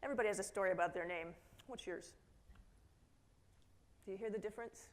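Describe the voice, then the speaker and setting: A middle-aged woman giving a conference keynote talk in a lively storytelling manner, slipping into quoted voices and asides to the audience. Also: medium pitch, fast talker, slight background noise. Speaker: keynote speaker. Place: conference hall.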